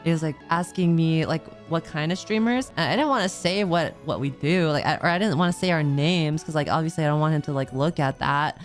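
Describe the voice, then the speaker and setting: A woman's voice: sits low, a little fast, hardly any pauses, soft background music. A woman streamer in casual chat who rambles, laughs often and leans on "like" as she reads chat aloud. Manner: rambling, giggly, heavy use of "like".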